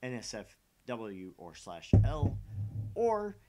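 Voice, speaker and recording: A man's voice: mid-range voice, huge pitch swings, takes it slowly, heavy background noise. A man hosting a casual gaming stream from home, joking and sarcastic, with hiccups, rambling through his explanations. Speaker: streamer host. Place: home, at a table.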